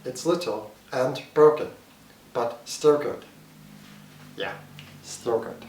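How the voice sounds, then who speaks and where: Small alien creature, as a man puts it on, gravelly and childlike, speaking in broken, slow phrases. It sounds roomy and distant. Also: mid-range voice, a little mellow, close to an everyday voice. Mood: earnest. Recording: echoey room, far from mic.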